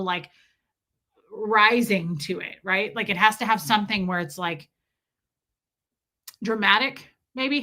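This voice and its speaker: Her voice is mid-range, bright and forceful as she reads viewer comments during a casual livestream. She chats in a rambling way, letting sentences trail off before starting them over.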